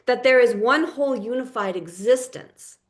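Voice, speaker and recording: A woman life coach teaching a live session in a deliberate, emphatic way, stressing single words as she lays out spiritual ideas. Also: fairly high pitch.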